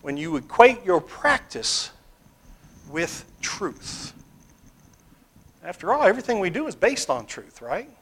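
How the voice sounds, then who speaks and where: Bible class preacher, man, slow emphatic delivery, bright high voice, questions the room. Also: sing-song, slightly rough, low-quality recording. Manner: emphatic, repeats key phrases, swings between loud stress and quiet asides. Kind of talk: sermon-style Bible class teaching.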